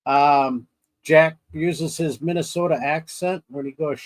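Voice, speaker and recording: A man's voice: on the high side, fairly even intonation, a little slow, poor audio. A man co-hosting a podcast in casual chat, rambling through scenes, acting out his own reactions and laughing often. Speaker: podcast co-host.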